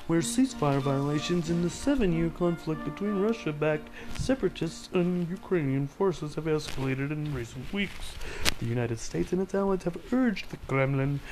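A man's voice: on the high side, expressive, moderate pace, over music, poor audio. A man hosting a casual podcast, ranting sarcastically about news headlines with a rambling, filler-heavy delivery. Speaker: podcast host.

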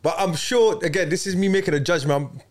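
A man hosting a casual podcast chat, animated and slangy, getting loud when excited. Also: high-pitched, fast. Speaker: podcast host.

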